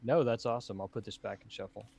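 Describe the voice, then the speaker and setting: A man's voice: fairly low pitch, quick pace, gravelly, a little mellow, breathy edge. A man co-hosting a live board game stream, bantering casually and laughing easily. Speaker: board game show co-host.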